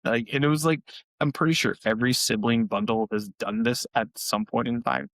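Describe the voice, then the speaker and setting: A man's voice: steady tone, fairly quick, fairly bright tone, no echo, low-quality recording. A young man co-hosting a podcast, telling family stories in casual chat and acting out quoted lines. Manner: storytelling, acts out quotes in high voices. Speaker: podcast co-host.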